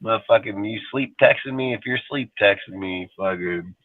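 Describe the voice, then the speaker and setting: Podcast co-host, man, very low voice, rambling profane storyteller, dry tinny line. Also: moderate pace, dry recording. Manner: rambling, cursing, storytelling with acted quotes. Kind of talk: profane casual chat.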